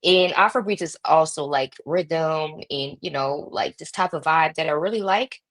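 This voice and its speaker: Animated German-born woman musician. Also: deep voice, moderate pace. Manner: animated, laughs often, swears casually. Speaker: guest musician. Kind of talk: casual interview chat.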